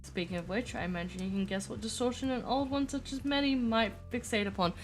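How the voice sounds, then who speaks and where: A woman voicing a calm, formal old mentor, speaking in a measured, soft-spoken way. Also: fairly high pitch, soft background music, natural voice.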